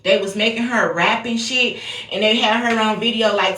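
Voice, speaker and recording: A bright-voiced American woman doing an off-the-cuff psychic reading in a chatty, profane style. She talks bluntly and keeps coming back to a sing-song refrain. The room is echoey. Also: a little high, steady tone, moderate pace, slight background noise. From United States. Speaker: psychic reader. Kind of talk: casual intuitive-reading vlog.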